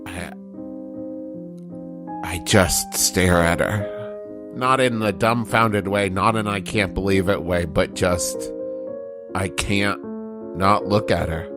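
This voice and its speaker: A man playing his character in a tabletop game, speaking in a heartfelt, emotional way, over soft keyboard and piano music. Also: deep voice, slow pace, long pauses. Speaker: player. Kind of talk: in-character tabletop role-play.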